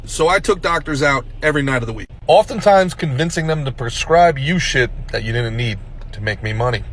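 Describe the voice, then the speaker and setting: A man's voice: medium pitch, animated, a little fast, fairly bright tone, slight background noise. A man ranting to camera as a social media commentator, fired up, sarcastic and self-mocking.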